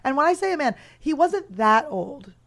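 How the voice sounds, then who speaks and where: A woman in her thirties hosting a comedy podcast, telling a story in a loose, animated way and laughing often. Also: high-pitched, moderate pace. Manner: animated, laughing, talks over her guest. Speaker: podcast host.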